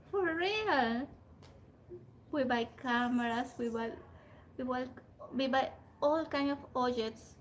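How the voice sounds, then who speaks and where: Slow-talking woman vlogging outdoors. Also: high-pitched, rough recording. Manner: chatty, switching between Spanish and English. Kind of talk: casual walking vlog. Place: outdoors in a residential neighborhood with passing cars. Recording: faint outdoor background noise.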